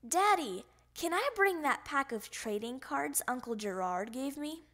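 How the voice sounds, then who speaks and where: A woman voicing an eager little boy frog in a storybook reading, shouting out his lines. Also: high-pitched, lively intonation, measured pace. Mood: excited.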